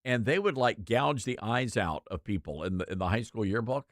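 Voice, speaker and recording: A man hosting a talk show, giving opinionated commentary in an animated, mocking way. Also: lowish voice, normal speed, no echo, studio quality. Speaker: radio talk show host.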